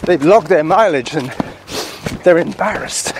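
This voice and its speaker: A man's voice: on the high side, expressive, a little slow. A man hosting a casual chat outdoors on a mountain trail, telling stories and laughing often. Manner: chatty, laughs often at his own stories. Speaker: podcast host. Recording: outdoor recording with clear background noise.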